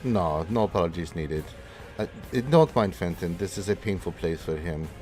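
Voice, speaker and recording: A man's voice: sits low, moderate pace, soft background music, close to an everyday voice. A man voicing an older woman, a fussy, motherly aunt who is flustered one moment and soothing the next, in a tabletop game. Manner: flustered, then soft and soothing.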